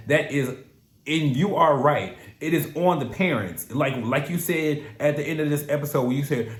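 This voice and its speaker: A young man hosting a casual reality TV recap, animated, sassy and profane, stretching words out for emphasis. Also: medium pitch. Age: young adult. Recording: echoey room.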